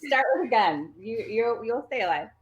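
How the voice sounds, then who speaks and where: Woman cohost on a livestream, jokey and lively, casual storytelling. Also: a little high, moderate pace, muffled recording. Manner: lively, joking, swears casually. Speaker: co-host and storyteller.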